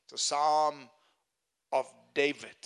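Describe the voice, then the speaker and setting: A man's voice: fairly high pitch, steady tone, slow, fairly bright tone, smooth. A man preaching a sermon as pastor, earnest and emphatic, repeating key phrases and chuckling at his own jokes.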